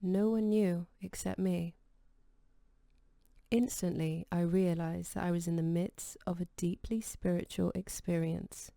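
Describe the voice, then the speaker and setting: Low, gravelly woman narrating an audiobook. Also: steady tone, a little slow, dark tone, no room sound, clean studio sound. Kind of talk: scripted narration.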